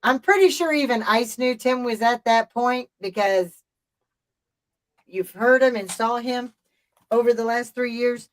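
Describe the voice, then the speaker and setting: A woman's voice: on the high side, a little slow, low-quality recording. A middle-aged woman hosting a live stream, telling a story in casual chat, with an emphatic, profane and rambling delivery.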